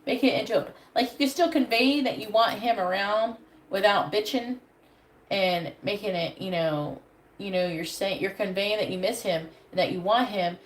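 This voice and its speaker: A woman gives a live tarot reading, dishing out blunt advice and swearing plenty. Her mid-range voice moves at normal speed. The room is echoey, with faint background noise.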